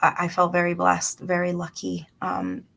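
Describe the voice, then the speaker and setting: A woman's voice: on the low side, very animated, normal speed, creaky, a bit bright. A woman in her thirties telling stories in casual talk on a radio show, dropping Spanish phrases into her English. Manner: chatty storytelling with Spanish phrases mixed in. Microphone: studio microphone.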